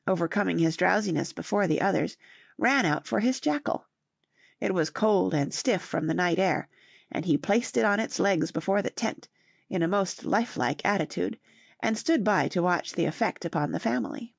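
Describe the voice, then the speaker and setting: Woman reading an old novel aloud, steady pace, gravelly voice, dry close sound. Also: lowish voice, moderate pace, no room sound. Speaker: audiobook narrator. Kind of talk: classic novel audiobook narration.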